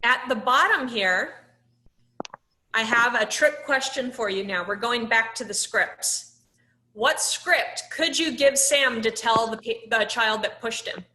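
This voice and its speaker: A woman's voice: on the high side, unhurried, sharp tone, echoey room, slight background noise. A woman instructor teaching a live online class over a laptop microphone. She talks in a conversational way, with many "um"s, and puts questions to the class.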